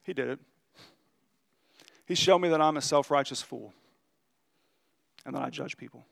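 A pastor giving an earnest, conversational sermon. He tells stories in a confessional way and slows down to stress key lines. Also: mid-range voice, creaky, fairly bright tone.

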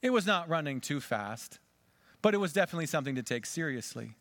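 A man's voice: on the high side, big pitch swings, quick pace. A pastor in his forties preaching a sermon and telling a dramatic story. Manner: dramatic storytelling, varying loudness and pace.

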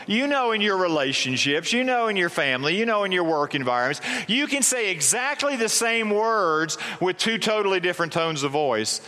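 Pastor, male, conversational sermon delivery, sharp bright tone, church hall echo. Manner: conversational preaching, rhetorical questions, soft low drops at line ends. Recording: long hall reverb.

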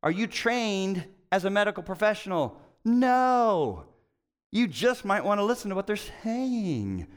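A middle-aged male pastor delivering a conversational sermon, his voice smooth and resonant and pitched a little high for a man. He tells stories with animated swings, punching some words loudly and dropping others to a hush. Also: measured pace, in a large hall. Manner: conversational storytelling, animated swings from loud to hushed.

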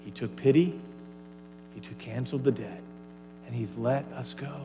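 A man's voice: medium pitch, moderate pace, big-room sound, noisy background. A man preaching a sermon to his congregation, earnest and varied, sometimes falling to a near whisper. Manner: earnest, varies loudness, drops to a whisper at times. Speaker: pastor.

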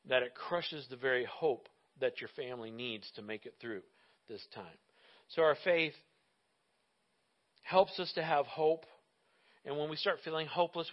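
A man preaching a sermon in an animated, jokey, emphatic way, often laughing. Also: fairly high pitch, highs cut off. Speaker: pastor.

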